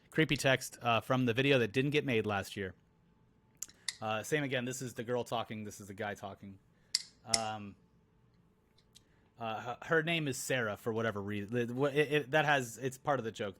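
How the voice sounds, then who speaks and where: A man's voice: mid-range voice, a bit bright. Joking, rambling young male co-host. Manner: joking, rambling, many fillers. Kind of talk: live-stream town hall chat.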